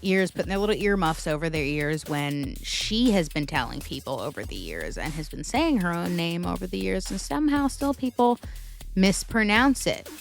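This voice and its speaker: A woman with a US Northeastern accent hosting a casual pop-culture podcast, talking in an animated, emphatic way and swearing freely. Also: fairly low pitch, moderate pace, gravelly, faint music behind. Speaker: podcast host.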